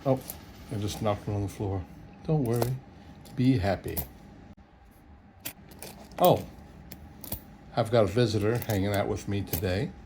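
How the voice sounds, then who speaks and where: A slow, easygoing man in middle age talks to his camera while he sorts through coins. His low, mellow voice is folksy and full of small chuckles, and a faint hiss of noise sits under it. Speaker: coin roll hunter. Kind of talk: casual solo video commentary.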